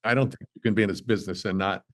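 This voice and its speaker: A man as a podcast guest in casual chat, halting and self-deprecating, often repeating words as he talks. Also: fairly low pitch, steady tone, fairly bright tone.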